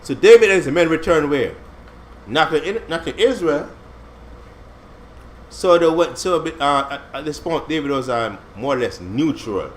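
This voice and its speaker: A man leads a relaxed Bible study, his fairly high voice swinging up and down as he explains. His talk is slangy and conversational, with frequent restarts. The room around him rings with echo. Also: unhurried, a little hiss or hum. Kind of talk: casual Bible study commentary. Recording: echoey room.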